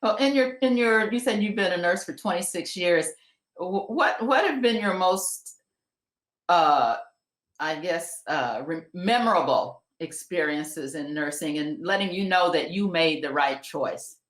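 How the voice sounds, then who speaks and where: A woman interviewer puts her question together haltingly and restarts it more than once. Her voice sits on the low side and rings in an echoey room on a video call. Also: animated.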